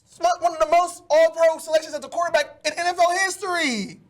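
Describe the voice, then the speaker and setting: A man hosting a solo sports podcast, ranting animatedly with loud outbursts. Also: extremely high pitch, steady tone, fairly quick.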